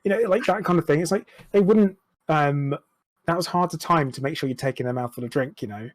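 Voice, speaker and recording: A man's voice: a little high, a little fast, low-quality recording. A man, speaking frankly and reflectively as a podcast guest, swearing now and then. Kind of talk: candid interview chat.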